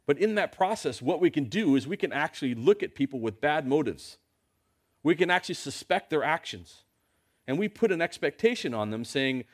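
A man's voice: fairly high pitch, big pitch swings, moderate pace. A man preaching a sermon in a church, talking to his congregation in a conversational way with lots of rhetorical questions.

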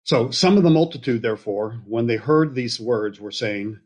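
A man with a somewhat husky, middle-range voice teaches from scripture. He talks in a loose, conversational way, pausing to check in with his listeners and drifting into everyday examples. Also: mid-range voice. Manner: relaxed, explaining with frequent okays and asides. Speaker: Bible teacher.

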